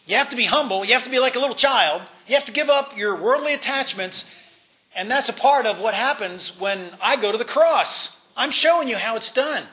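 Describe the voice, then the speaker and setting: A man's voice: very high-pitched, expressive, fairly quick, pushed and bright. A man giving an informal Bible lesson in a conversational way, with fillers, restarts and voiced asides. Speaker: Bible teacher.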